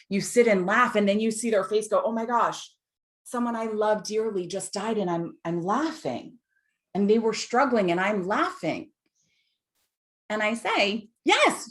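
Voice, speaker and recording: Earnest woman in her forties on a video call. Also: medium pitch. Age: 40s. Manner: earnest, heartfelt, emphatic. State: tearful at times. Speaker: guest speaker on mental health. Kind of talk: live online talk.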